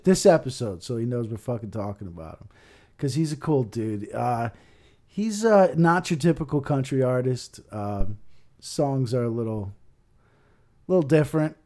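A man's voice: mid-range voice, animated, normal speed, dark tone. A man co-hosting a podcast, chatting loosely with lots of fillers and swearing. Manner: loose, rambling, filler-heavy. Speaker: podcast co-host. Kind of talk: casual podcast chat.

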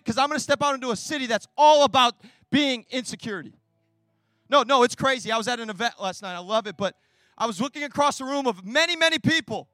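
High-voiced passionate young male pastor. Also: no echo. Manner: passionate, swinging between hushed and loud. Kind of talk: sermon.

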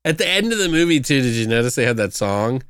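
A man's voice: medium pitch, sing-song, quick pace, fairly bright tone, smooth, no echo. A man co-hosting a casual movie review podcast, swearing freely and acting out lines from the films. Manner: profane, quotes movie lines in put-on voices. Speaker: podcast co-host.

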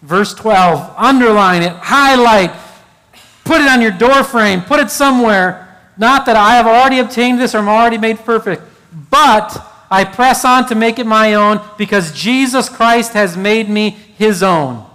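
A middle-aged man preaches from the pulpit, his voice sitting high for a man. He presses his points with emphasis and slips into storytelling asides. The sound hangs in a large hall with a long reverb tail. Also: a little slow, bright, forceful tone, clear, resonant tone. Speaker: pastor. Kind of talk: sermon.

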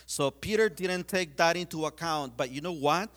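A man's voice: a little high, normal speed, fairly bright tone. A man giving a sermon in a conversational way, with many fillers, retelling scenes. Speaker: preacher.

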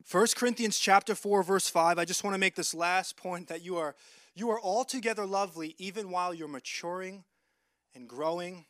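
High-voiced earnest male preacher. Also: moderate pace, fairly bright tone, no room sound, clean studio sound. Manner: earnest, emphatic, repeats words and restarts phrases. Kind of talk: sermon.

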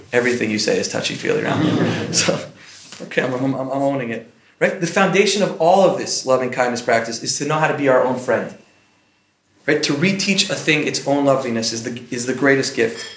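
Leading a Torah class, this teacher speaks with a medium-pitched voice, and the echoey recording carries a slight hiss or hum. His informal, conversational delivery features animated bursts and a habit of asking "right?".

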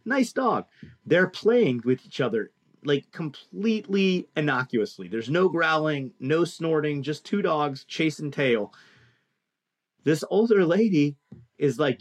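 A man telling a long story in casual chat, animated and profane, acting out the people he quotes. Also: medium pitch, moderate pace. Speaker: podcast co-host telling a story.

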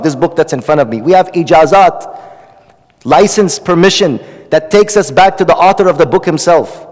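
A man's voice: on the high side, big-room sound. A man teaching hadith, delivering an impassioned sermon with pleading, repetitive emphasis. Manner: passionate, pleading, rising and falling emphasis, repeats phrases.

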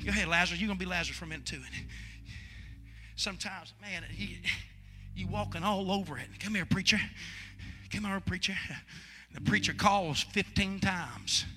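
A male pastor preaches with a high voice and a piercing, very bright tone. He drops to hushed storytelling, then climbs into shouted, urgent pleading. Faint church music plays under the service recording. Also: moderate pace, pauses often, big-room sound. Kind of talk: sermon. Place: church sanctuary.

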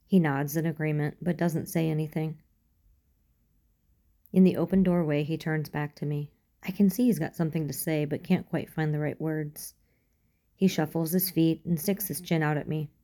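Woman reading fanfic audiobook, calm, low gravelly voice. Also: moderate pace. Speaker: audiobook reader. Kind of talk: first-person fan fiction reading.

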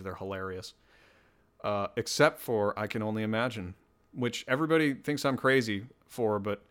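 A man with a voice on the low side and a fairly bright tone hosts a casual solo podcast, wandering through topics in a self-deprecating way.

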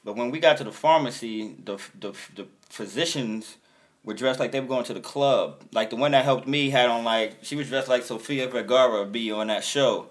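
A man's voice: medium pitch, normal speed. A young man on a podcast, chatting casually and telling loose stories from touring, laughing often and acting out his friends' lines. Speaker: touring musician.

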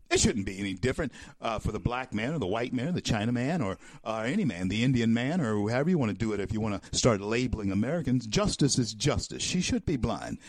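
A man hosting a talk show, giving a political commentary monologue in a preacher-like way that builds to loud, emphatic peaks and calls his listeners folks. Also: mid-range voice, dry recording, clean studio sound. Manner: addresses listeners as folks and my friends.

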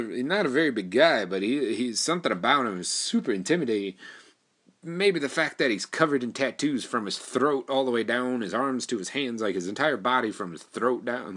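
A man with a somewhat low voice, spinning a story in loose, casual talk. He swears freely and rambles, circling back with "like" and restarts. Informal and conversational throughout. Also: fairly bright tone. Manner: rambling, profane, full of fillers and restarts.

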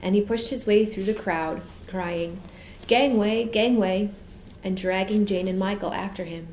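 A woman reads a storybook aloud in a measured, expressive manner at an ordinary middle pitch. Her voice rings in a reverberant room, with a faint hiss underneath. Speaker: narrator. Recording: echoey room.

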